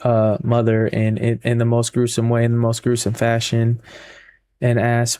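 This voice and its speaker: A man's voice: medium pitch, monotone, moderate pace, dark tone. A man giving a casual spoken book review, retelling the plot in a rambling way with frequent repeats and fillers.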